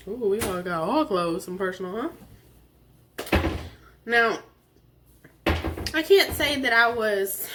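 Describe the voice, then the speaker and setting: Woman host with a sore throat, telling her own story in an animated way and voicing the people she quotes. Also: medium pitch, noisy background. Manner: animated, acts out quoted voices, frequent laughs. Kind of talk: personal storytelling.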